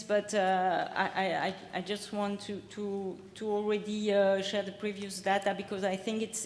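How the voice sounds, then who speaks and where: A woman's voice: mid-range voice, slight background noise. A woman giving an academic conference talk and answering questions, hesitant with frequent fillers and restarts. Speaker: conference speaker. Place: conference hall. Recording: reverberant conference hall.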